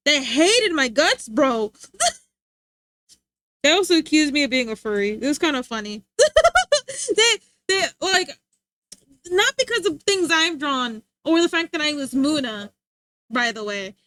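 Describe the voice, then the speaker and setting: A woman's voice: sits high, very animated, a little slow, pauses often, fairly bright tone, no echo. A young woman streamer chatting casually, rambling and laughing often.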